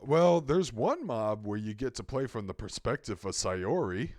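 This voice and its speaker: A man's voice: mid-range voice, expressive, moderate pace, darkish tone, no echo, clean studio sound. A man co-hosting a podcast in casual chat, blunt and swearing freely. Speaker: podcast co-host.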